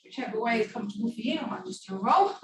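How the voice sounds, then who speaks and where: A woman leads a stretch class as a fitness instructor, racing through playful, encouraging cues in a fairly high, lively voice. The room is echoey, she's far from the mic, and music plays in the background.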